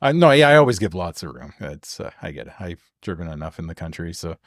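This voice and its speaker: A man's voice: deep voice, sing-song, fast talker, no room sound, studio quality. A Canadian man co-hosting a podcast who chats in an easygoing way and often murmurs agreement. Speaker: podcast co-host. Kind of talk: casual chat. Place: local museum.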